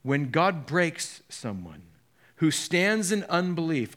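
A man preaching to his church, retelling scenes from the gospels and going from a soft, slow tone to loud, lively bursts. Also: fairly high pitch. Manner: dramatic, quick shifts between soft and loud, voices the figures he quotes. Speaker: pastor. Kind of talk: sermon.

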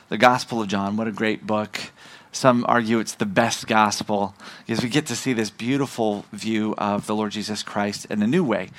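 A middle-aged man, a visiting missionary, preaching a sermon and slowing down to stress key words. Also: lowish voice, fairly bright tone. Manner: emphatic, slowing and rising on key phrases.

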